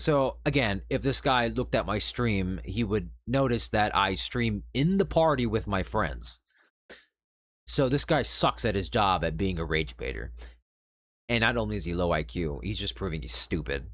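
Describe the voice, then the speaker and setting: A man with a low, deep voice gives casual commentary on an online spat, swinging his intonation up and down a lot. His tone is sarcastic and lecturing, with heavy exasperated sighs. The sound is dry and close, with no room echo. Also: sing-song, unhurried, a bit bright. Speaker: streamer reviewing an online argument. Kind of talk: casual commentary reading out messages.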